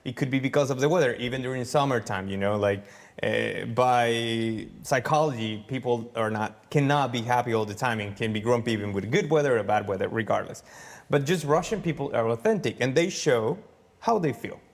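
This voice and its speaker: Animated man in a reverberant room. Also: medium pitch, brisk. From United States. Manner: animated, acts out quoted dialogue. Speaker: foreign resident interviewed in a clip. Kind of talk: casual conversation.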